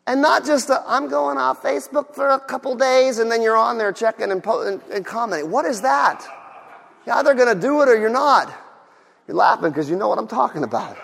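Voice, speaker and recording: A male pastor preaching a passionate sermon to a congregation, moving from quiet asides to shouting. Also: high-pitched, long reverb tail.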